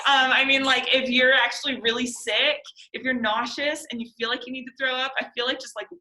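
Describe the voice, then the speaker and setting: Bright-voiced young woman teaching literature. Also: high voice, steady tone, fairly quick, poor audio. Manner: chatty, laughs often, frequent fillers. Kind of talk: class discussion lecture.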